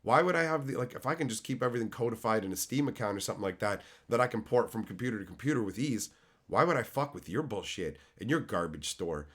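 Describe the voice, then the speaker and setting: A man's voice: lowish voice, expressive, fast talker, a bit bright. A man in his thirties from Canada, ranting on his stream with heated sarcasm and constant swearing. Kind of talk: profane ranting.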